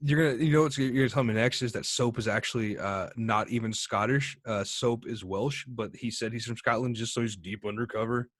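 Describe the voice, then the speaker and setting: A man's voice: medium pitch, brisk, few pauses, no room sound, clean studio sound. A man co-hosting a casual podcast, arguing and joking with his friend and swearing freely. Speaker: podcast co-host.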